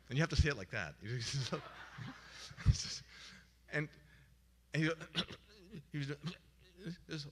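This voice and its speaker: A man telling a humorous, animated story at a memorial service in a church. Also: medium pitch, takes it slowly, pauses often, slightly rough. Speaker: memorial speaker. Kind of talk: storytelling eulogy. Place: church hall. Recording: church sanctuary with long reverb.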